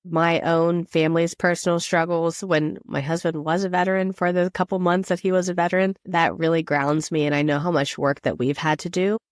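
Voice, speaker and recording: A woman's voice: on the low side, level tone, fairly quick, few pauses, dry recording, clean studio sound. A woman from rural Pennsylvania, a guest on an interview podcast, talking casually and earnestly. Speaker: guest, veterans nonprofit leader.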